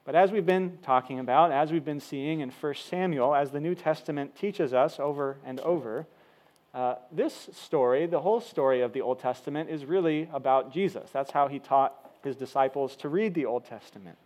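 A man's voice: a little high, moderate pace, darkish tone. A man preaching a sermon, explaining a scripture passage in an easygoing, conversational way with frequent fillers. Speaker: pastor.

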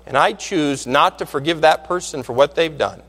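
A man preaching a sermon as pastor, emphatic, climbing to loud peaks and dropping low again. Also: moderate pace, big-room sound.

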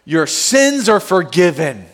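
A man's voice: high-pitched, sing-song, takes it slowly, a bit bright, exaggerated voice. A man playing an earnest male teacher. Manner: earnest, drawn out. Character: warm earnest male teacher speaking to a crowd. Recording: long hall reverb.

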